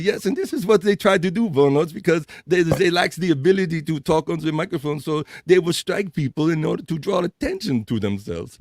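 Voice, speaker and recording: Profane ranting American host. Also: male voice, a little high, no echo, clean studio sound. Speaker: livestream podcast host. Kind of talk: casual livestream chat reading viewer comments.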